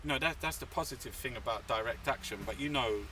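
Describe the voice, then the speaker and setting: A man's voice: mid-range voice, fast, pushed and bright, recorded from a distance, slight background noise. A man from England, an artist and activist, telling stories in a rambling, swearing, casual interview outdoors in a city. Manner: rambling, swearing, full of fillers.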